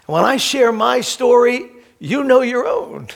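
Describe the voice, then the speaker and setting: Older male pastor, gravelly and high-pitched, slow impassioned sermon delivery. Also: very animated. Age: 60s. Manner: impassioned, swings from soft to shouting.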